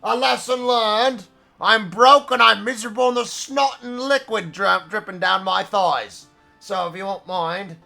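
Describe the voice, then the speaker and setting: A man's voice: sits high, a little slow, gravelly, pushed and bright, faint music behind, pitched above the performer's own voice, exaggerated voice. A man voicing a cowardly, drunken male gambler who whines, stammers and begs. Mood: grateful. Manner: whining, stammering, begging.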